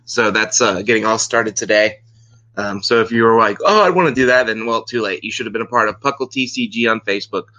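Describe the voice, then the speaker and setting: A man's voice: lowish voice, little pitch movement, fairly quick, bright, forceful tone. A man co-hosting a casual podcast, rambling on with lots of fillers. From Central Florida. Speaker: podcast co-host. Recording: slightly dull lo-fi mic.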